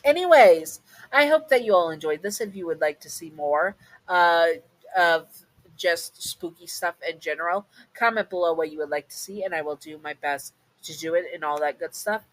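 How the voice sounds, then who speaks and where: A woman's voice: on the low side, normal speed, no room sound, poor audio. A woman narrating a listener role-play story in a casual, chatty way, sometimes correcting herself. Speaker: narrator and channel host.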